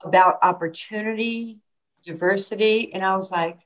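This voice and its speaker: A woman's voice: mid-range voice, measured pace, rough recording. A woman, a basketball coach telling stories in an interview and acting out the quoted lines. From New York. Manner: animated storyteller, acts out quotes. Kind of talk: storytelling interview.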